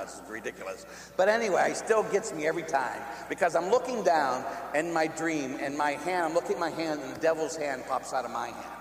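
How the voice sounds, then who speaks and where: A priest from Pittsburgh delivers a storytelling sermon with a somewhat high voice, swinging between lively, laughing anecdotes and soft, hushed moments. His voice rings in a roomy hall with a long reverb tail. A faint hum sits under the recording. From Pittsburgh, USA. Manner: lively storyteller who laughs at his own stories, then drops to soft hushed tones.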